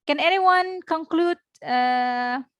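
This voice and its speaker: A woman with an Indonesian accent, an English teacher giving an online class lecture, explaining word by word with many pauses. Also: high voice, fairly bright tone, dry recording.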